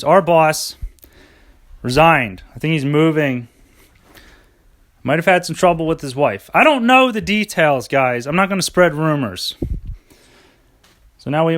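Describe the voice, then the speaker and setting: A man's voice: a little high, fairly bright tone. A young man hosting a rambling solo podcast, sarcastic and self-mocking, swearing often. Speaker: podcast host.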